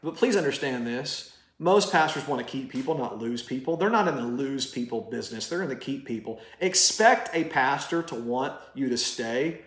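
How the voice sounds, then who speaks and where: A man's voice: mid-range voice, lively intonation, normal speed, echoey room. A man preaching a sermon straight to camera, passionate and direct, firing rhetorical questions at the listener. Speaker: pastor.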